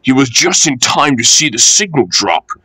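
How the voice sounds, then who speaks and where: A man reading a children's railway storybook aloud, expressive and animated. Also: medium pitch, normal speed, husky, no room sound, rough recording.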